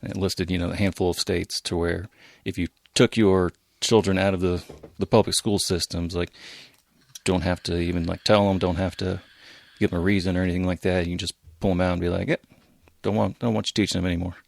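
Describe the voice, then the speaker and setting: A man's voice: low voice, level tone, brisk, creaky. A man co-hosting a casual podcast chat, talking hesitantly with lots of filler words. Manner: hesitant, uses many fillers like "like". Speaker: podcast co-host.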